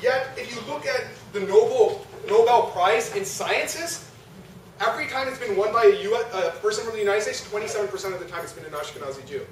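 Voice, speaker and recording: A man's voice: high voice, lively intonation, fairly quick. A young man giving a religious talk to a youth audience, conversational and full of rhetorical questions. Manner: conversational, asks the audience, frequent rhetorical "right?". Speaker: lecturer. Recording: echoey hall from far off, noisy.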